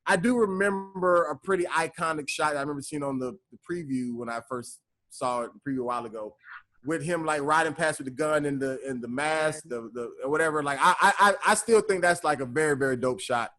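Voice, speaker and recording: A man's voice: a little high, fairly quick, pushed and bright. A man co-hosting a casual film podcast, rambling and repeating himself, often saying "you know what I'm saying". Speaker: podcast co-host.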